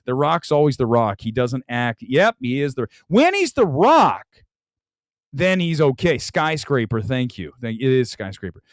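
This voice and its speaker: A man's voice: mid-range voice, sing-song, measured pace, no room sound, studio quality. A man hosting a casual movie talk livestream, rambling animatedly and laughing often. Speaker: host.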